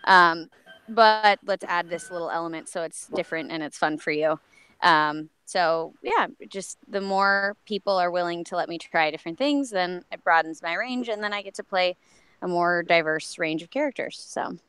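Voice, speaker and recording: Smooth-voiced, low-toned woman chatting. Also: fairly bright tone, no room sound. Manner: upbeat, chatty, fills pauses with um and uh. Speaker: voice actress guest. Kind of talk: casual live-stream chat.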